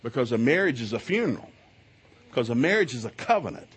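A man's voice: mid-range voice, sing-song, fast, a little hiss or hum. A middle-aged man teaching at a marriage seminar, telling folksy stories and acting out both sides of arguments. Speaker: seminar speaker. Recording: live audio of a seminar talk.

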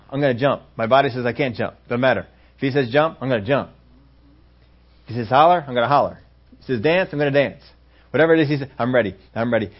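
Lively male preacher on a dull recording. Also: medium pitch. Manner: lively preacher acting out scenes, swinging between loud exclamations and hushed asides. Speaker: pastor. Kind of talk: sermon.

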